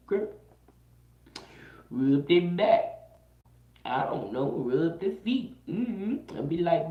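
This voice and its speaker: Woman, lower voice, casual tarot livestream reader, slangy and repetitive; echoey room, muffled lo-fi mic. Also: animated, takes it slowly, long pauses. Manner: chatty and slangy, repeats phrases, sometimes half-sings.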